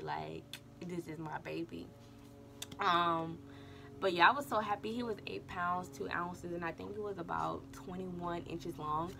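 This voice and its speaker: A woman's voice: fairly low pitch, background noise. A young woman vlogger casually telling a birth story and talking straight to her viewers. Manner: chatty, addresses viewers as y'all.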